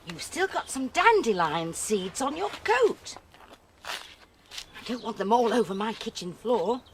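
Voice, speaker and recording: A woman presenting a children's programme, telling a story to young children in a gentle, sing-song way. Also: a little high, very animated, slow pace, slight background noise.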